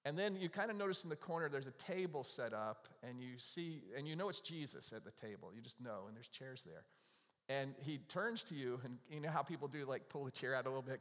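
A man's voice: mid-range voice, a little fast. Conversational man preaching in a reverberant hall. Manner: conversational, lively storytelling with asides and laughs. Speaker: pastor. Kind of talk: sermon. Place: church sanctuary.

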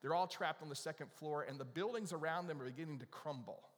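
A man's voice: on the high side, fast talker. A man preaching a conversational sermon, telling a story and asking the audience questions. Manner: animated, asks the audience questions. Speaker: pastor. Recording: long reverb of a large hall.

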